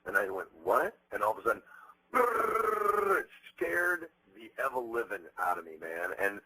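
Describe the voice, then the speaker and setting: A man in his thirties being interviewed, telling stories bluntly with plenty of profanity and animated energy. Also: fairly low pitch, a little fast, slight background noise, rough recording. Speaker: interviewed musician. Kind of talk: candid interview talk.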